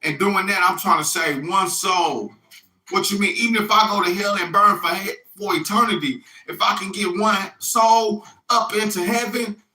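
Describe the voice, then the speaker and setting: A middle-aged man who casts himself as a religious messenger rambles through a loose, profane spiritual monologue, repeatedly asking "you hear me?" His voice is high, sharp, and bright, and it echoes around the room.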